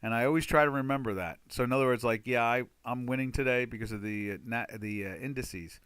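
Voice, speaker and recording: Man, bright forceful voice, dry close sound, casual rambling webinar host. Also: mid-range voice, quick pace, smooth, dry recording. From United States. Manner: chatty, rambling, exclaims loudly in frustration. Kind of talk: casual live webinar talk.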